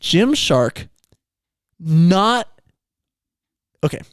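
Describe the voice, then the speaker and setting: A young man with a fairly high voice, hosting a podcast and ranting in excitable bursts. He repeats phrases and circles back to the same point. The sound is close and dry, with no room in it. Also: drawn-out words, dry recording. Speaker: podcast host. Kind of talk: casual podcast rant.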